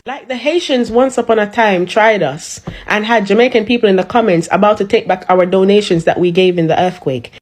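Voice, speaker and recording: A woman's voice: medium pitch, a little mellow. A woman delivers a sarcastic, roasting rant into her phone in casual social-media style.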